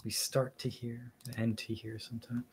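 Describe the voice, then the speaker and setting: A man's voice: medium pitch, level tone, normal speed, gravelly, noisy background. A man streaming an online war game, chatting casually with teammates and swearing now and then. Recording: stream with loud game music.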